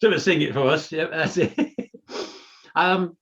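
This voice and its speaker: A man's voice: a little high, lively intonation, unhurried, a bit bright, dull audio. A man co-hosting a podcast, chatting casually and telling stories full of "you know". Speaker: podcast co-host. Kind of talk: casual chat.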